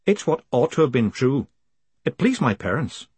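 A man voicing a blunt, sharp-tongued young woman with a dry, cutting way of talking. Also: medium pitch, sing-song, normal speed, husky, dry recording.

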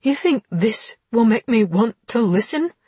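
A woman voicing a fiery young woman in an audiobook, snapping out sharp, indignant outbursts in a husky voice. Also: medium pitch, moderate pace, dry recording. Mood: angry.

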